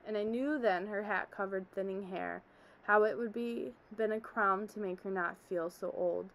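A woman's voice: mid-range voice, normal speed, fairly bright tone, lightly acted, rough recording. A woman reading a story aloud, telling it as a man who survived a disaster, in an earnest, haunted way. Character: middle-aged man, former office worker, shaken survivor.

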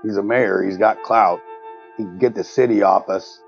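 A man's voice: lowish voice, fairly even intonation, moderate pace, vocal fry, faint music behind. A man playing a tabletop game, describing his hero's actions in a blunt, casual way. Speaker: player. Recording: slightly muffled lo-fi audio.

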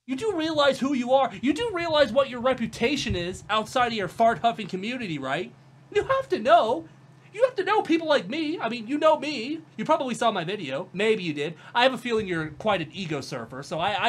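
A woman's voice: medium pitch, husky. A woman giving mocking reaction commentary, sarcastic and profane, often breaking into laughter. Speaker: commentary vlogger.

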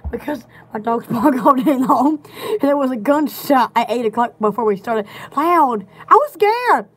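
A woman's voice: high-pitched, lively intonation, moderate pace, breathy edge. A woman, hosting a rambling, casual live video from home. She giggles a lot and jumps from one goofy topic to the next. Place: home at night.

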